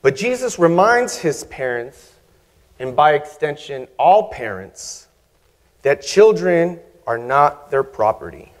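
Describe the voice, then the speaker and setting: A man preaching a sermon as guest preacher, measured and humorous, with emphatic pauses. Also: medium pitch. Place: church sanctuary. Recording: reverberant church hall.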